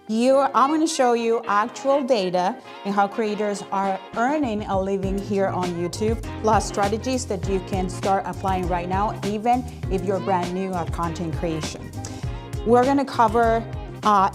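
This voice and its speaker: Energetic chatty woman hosting a live stream. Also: mid-range voice, a little slow, over music. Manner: energetic, chatty, many fillers. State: out of breath. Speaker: host.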